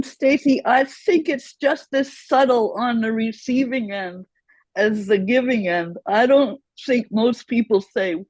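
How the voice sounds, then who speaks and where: A woman's voice: a little high, a little mellow, no echo, low-quality recording. A woman taking part in a casual group call, speaking in a thoughtful way. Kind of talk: casual discussion.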